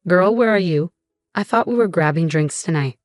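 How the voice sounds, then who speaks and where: A woman's voice: lowish voice, lively intonation, normal speed, dry recording, clean studio sound, lightly acted. A woman reading as a brash, loyal best friend. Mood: urgent. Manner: brash and direct.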